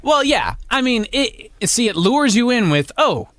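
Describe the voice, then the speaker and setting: A man co-hosting a radio show in casual banter, reacting with animated, mock alarm. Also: very high voice, measured pace. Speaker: radio co-host. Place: radio studio.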